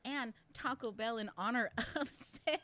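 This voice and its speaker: A woman co-hosting a podcast in casual chat, playful and quick to laugh while sharing news. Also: on the high side, fairly bright tone. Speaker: podcast co-host.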